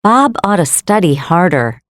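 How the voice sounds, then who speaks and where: A woman reading pronunciation example sentences in a clear, demonstrative way. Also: on the low side, very animated, unhurried, no room sound, studio quality.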